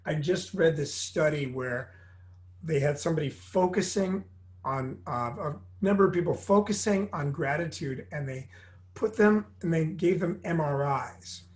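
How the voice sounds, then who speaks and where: Earnest, fairly high-voiced middle-aged man. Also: measured pace. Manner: earnest, motivational, emphatic with soft lowered passages. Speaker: drummer and motivational speaker, guest. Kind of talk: storytelling interview talk.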